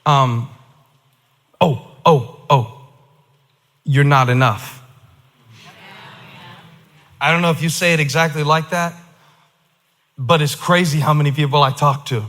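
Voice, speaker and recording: A male pastor preaching emphatically, shifting from quiet asides to shouted declarations. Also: on the high side, slow, pauses often. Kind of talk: sermon. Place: large church auditorium. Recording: reverberant large hall.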